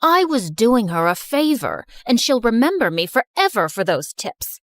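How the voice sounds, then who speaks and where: A woman voicing a vain, theatrical mother who was once an actress, with a lower, showy delivery. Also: sing-song, moderate pace, no echo, clean studio sound. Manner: theatrical, dramatic. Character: vain self-absorbed former actress mother.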